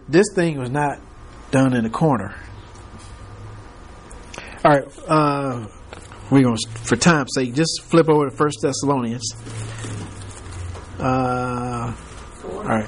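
A man's voice: medium pitch, takes it slowly, pauses often, a little hiss or hum. A man teaching a Bible class, reading scripture aloud and prompting the class to fill in the words, with chuckling asides.

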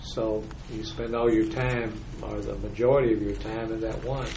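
A man's voice: on the low side, fairly even intonation, normal speed, background noise. A man in an informal Bible study discussion, explaining his point with a plain example. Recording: echoey room, voice from far off.

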